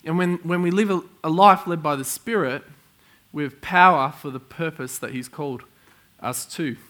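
A middle-aged man preaching a sermon to a congregation, telling stories with excitable energy and frequent chuckles. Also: a little high, normal speed. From Australia. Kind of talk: sermon with storytelling. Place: church in front of a congregation.

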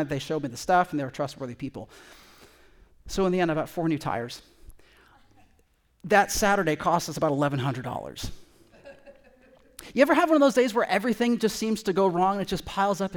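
A middle-aged man preaching with a slightly high voice. He is a pastor from California who opens with a personal story, talking in a lively, conversational way. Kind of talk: storytelling sermon.

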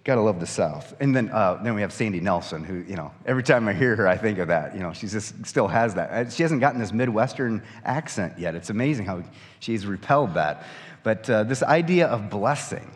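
A man, a pastor, reading scripture and then preaching in a conversational, animated way with folksy asides. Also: on the low side, brisk. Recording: church hall reverb.

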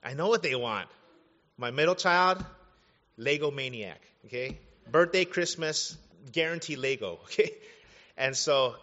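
Male pastor, 30s, lively conversational sermon, bright forceful voice, muffled sound. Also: medium pitch, measured pace. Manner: animated, conversational preaching with asides. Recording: dull sound, long hall reverb.

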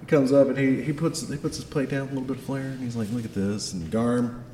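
A laid-back man narrating a tabletop game as game master, with a dark, mellow voice. His voice rings in a reverberant room, with a faint hum of ambience behind. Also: mid-range voice, steady tone, fast talker. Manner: laid-back, rambling storytelling.

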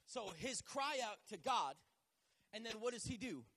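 A man's voice: sits high, animated, moderate pace, bright, forceful tone, a little hiss or hum. A male pastor preaching a sermon, joking and teasing himself and asking the church to answer back. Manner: jokey, self-teasing, calls for responses.

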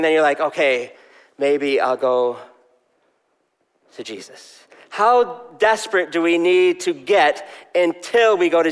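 A man's voice: sits high, fairly bright tone, big-room sound. A male pastor preaching a sermon in a conversational way, asking the congregation questions.

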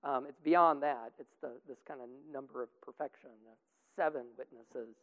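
A man's voice: mid-range voice, moderate pace. A man leading a group Bible study discussion in a casual, rambling way with many fillers, heard over a tinny, echoing line. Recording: tinny phone-like line with long reverb.

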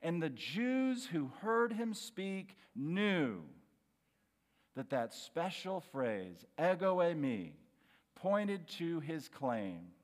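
A man preaching with a lively, swooping delivery, leaning hard on his key phrases. He takes his time, speaking slowly and deliberately. His voice rings out in a church hall with a long reverb tail. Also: medium pitch. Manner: emphatic, slows and rises on key phrases. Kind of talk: sermon.

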